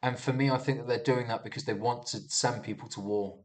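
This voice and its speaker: This news-review vlogger is a young man whose medium-pitched voice moves briskly with fairly even intonation. He rambles loosely through the headlines, thinking out loud, cursing, and frequently starting his sentences over.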